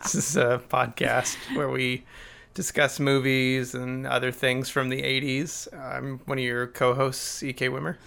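Man, podcast co-host, gravelly voice, dry teasing, halting restarts. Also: medium pitch, level tone, bright, forceful tone. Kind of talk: casual chat.

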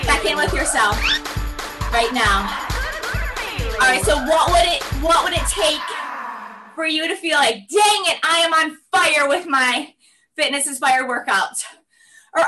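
A woman fitness instructor leading a workout class, calling out energetic coaching cues and shouted call-and-response. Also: high voice. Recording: voice distant from mic, music behind.

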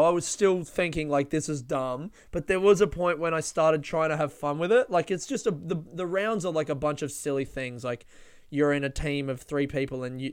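A young man, a comedian and podcast host, telling a story in a casual, animated way, laughing and swearing often. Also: on the high side, smooth, dry recording, studio quality.

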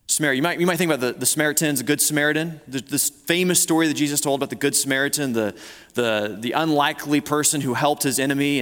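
A man's voice: medium pitch, fairly bright tone. A man preaching a sermon as pastor, talking conversationally with frequent restarts and repeated words. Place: church sanctuary. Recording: long hall reverb.

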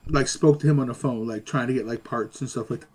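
A man telling stories in casual chat as a guest, animated and slangy, laughing along. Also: medium pitch, fast, crowd noise.

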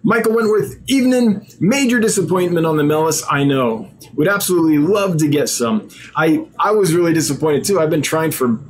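A man's voice: fairly high pitch, expressive, fairly quick. A tired man hosting a live stream, reading viewer usernames aloud and chatting casually, sometimes stumbling over words.

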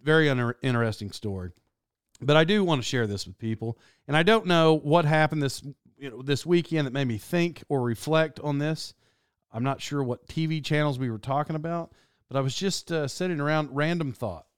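Guy in his 30s rambling thru stories, voice jumps all over, smooth and clear. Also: a little high, dry recording, studio quality. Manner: rambling, animated storytelling with laughs. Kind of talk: casual monologue.

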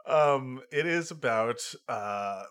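A man chatting casually about a movie, halting and restarting often with lots of fillers. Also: mid-range voice, lively intonation, a bit bright. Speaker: podcast co-host. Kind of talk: casual film review chat.

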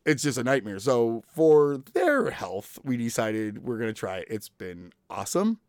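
A man's voice: medium pitch, sing-song, moderate pace, dry recording, clean studio sound. A man in his thirties hosting a podcast, telling stories in casual chat, laughing often and acting out quoted voices. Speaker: podcast host.

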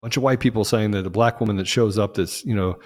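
Emphatic man with a reverb. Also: fast. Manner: emphatic, rising to loud peaks and dropping low. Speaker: podcast host. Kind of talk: impassioned political monologue.

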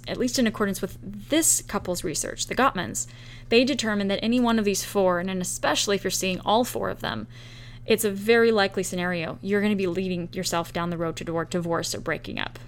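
A woman's voice: mid-range voice, brisk, a little hiss or hum. Female podcast host, solo, conversational explainer who voices little example lines. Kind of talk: solo podcast talk on relationships.

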